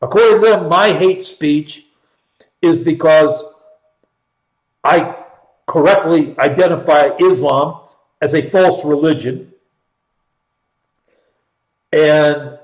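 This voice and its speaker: A man's voice: a little high, roomy sound, rough recording. A middle-aged man hosting a political commentary show, talking emphatically and sarcastically and repeating points for stress. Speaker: host.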